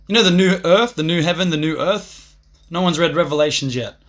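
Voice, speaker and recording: A man's voice: a little high, fairly quick, fairly bright tone. A young man rambling profanely on a livestream, swaggering and laughing at his own jokes.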